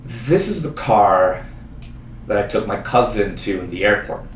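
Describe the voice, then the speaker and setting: Heard from a distance in a small performance space, this young man's solo stage monologue is animated and self-mocking. His pitch is fairly low and his pace a little slow, with roomy sound, faint ambience and a bit of background noise.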